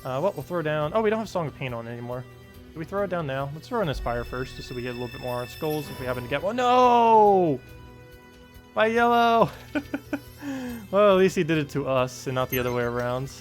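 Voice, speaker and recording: A man streaming a puzzle game, giving casual, quick play-by-play as he thinks aloud. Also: mid-range voice, faint music behind. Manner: quick, mumbled play-by-play talking to himself. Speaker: gaming streamer. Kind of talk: casual live-stream commentary.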